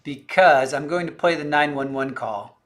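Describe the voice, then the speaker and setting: A man's voice: on the high side, moderate pace, a bit bright. A man hosting a livestream who speaks directly to viewers in casual commentary, sounding irritated.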